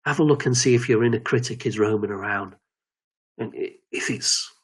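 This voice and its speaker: A man giving a slow, measured self-help talk on quieting the inner critic, often restarting his sentences. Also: medium pitch, husky. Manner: measured, repetitive, with frequent restarts. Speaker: confidence coach.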